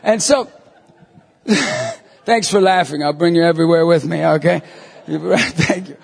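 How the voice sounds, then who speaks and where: A middle-aged man from New York State, a lay minister giving a jokey, animated talk to a live audience and acting out voices as he goes. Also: fairly high pitch, measured pace, creaky. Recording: long hall reverb.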